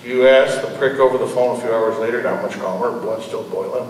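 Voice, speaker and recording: A man reading his own fiction aloud at a live event, lifting his pitch for the characters' dialogue. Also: brisk, hardly any pauses, slight background noise. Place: large ballroom. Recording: echoey hall from far off.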